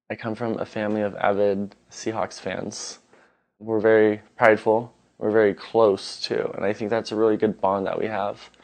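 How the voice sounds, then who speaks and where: A young man from Washington State telling his own coming-out story in a relaxed, conversational way. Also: lowish voice. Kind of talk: casual personal storytelling.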